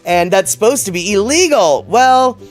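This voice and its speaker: A man's voice: high voice, animated, moderate pace, soft background music. A man hosting a casual livestream, reading chat messages aloud and rambling in a chatty way, laughing often.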